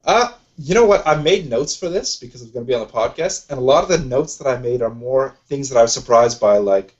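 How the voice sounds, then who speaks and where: A man's voice: mid-range voice, expressive, a little fast, highs cut off. A man on a comedy podcast panel, making offhand, wry remarks in casual chat.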